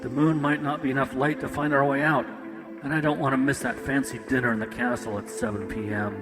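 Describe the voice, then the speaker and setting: A reserved, self-controlled young husband with a touch of nerves, speaking in measured, quiet tones, as a man reads him in a storybook. His voice sits at an ordinary male pitch and carries a long, echoey reverb over clear guitar music. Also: fairly even intonation, natural voice. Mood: earnest.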